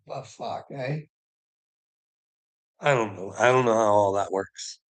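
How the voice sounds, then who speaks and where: A man's voice: medium pitch, slow, long pauses, poor audio. A Canadian man ranting casually to his viewers, rambling and profane, with frequent chuckles. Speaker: vlogger.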